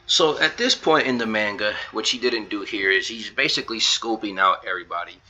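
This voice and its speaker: Bright-voiced casual male game reviewer. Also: on the low side, fairly quick, poor audio. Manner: retells scenes in a loose run of "he's like" quotes, with fillers. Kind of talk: casual commentary video.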